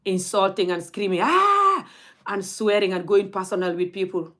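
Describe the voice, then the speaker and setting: A woman's voice: lowish voice, little pitch movement, brisk. A young woman, scolding her audience in a blunt, heated rant straight to camera. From Gambia. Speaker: vlogger.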